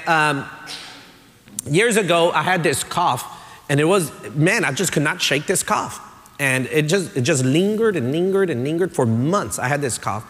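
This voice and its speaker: Pastor preaching in a reverberant church. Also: male voice, medium pitch, a bit bright. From Texas, USA. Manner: conversational storytelling, builds to emphatic. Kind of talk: sermon. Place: church sanctuary. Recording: long church-hall reverb.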